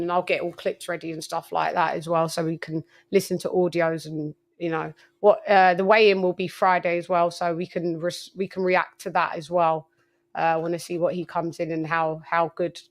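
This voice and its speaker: A woman hosting a casual boxing talk stream, chatty and swearing freely. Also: fairly low pitch. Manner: chatty, swears freely, lots of "you know what I mean". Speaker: boxing show host. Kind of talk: casual live-stream chat.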